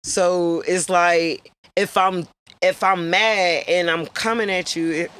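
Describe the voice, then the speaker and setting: A woman's voice: fairly low pitch, steady tone, slow, a bit bright, clear, resonant tone. A woman guest on a podcast, talking frankly and emphatically in casual chat. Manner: frank, emphatic, repeats her point.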